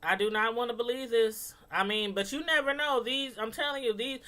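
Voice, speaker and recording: Female host, call-in chat, slightly high voice, animated and emphatic, repeats herself. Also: brisk. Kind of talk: casual call-in show chat.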